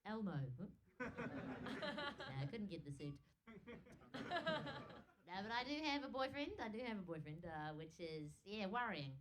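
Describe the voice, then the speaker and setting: A young New Zealand woman with a New Zealand accent and an unusually high, squeaky voice performs stand-up in a comedy club, laughing often between jokes. Her intonation is lively, her speed normal, and she pauses often against a noisy background.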